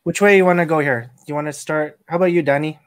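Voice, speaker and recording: A man hosting a casual podcast, telling work stories with lively acted-out quotes. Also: fairly high pitch, fast talker, dry recording, clean studio sound. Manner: animated storyteller acting out quoted lines. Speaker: podcast host, casino dealer.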